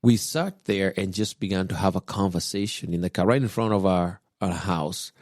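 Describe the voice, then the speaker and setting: A man from Kenya, relaxed and chuckling often as he tells a personal story in casual chat. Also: low voice, moderate pace, no echo, clean studio sound. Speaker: podcast guest.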